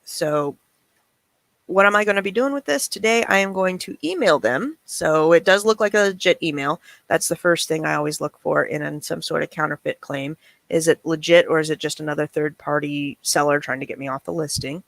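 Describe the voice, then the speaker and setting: A woman's voice: deep voice, a little fast, vocal fry, a bit bright, dry recording. A middle-aged woman hosting a casual livestream chat, reading messages aloud with wry, chatty remarks. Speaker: reseller channel host.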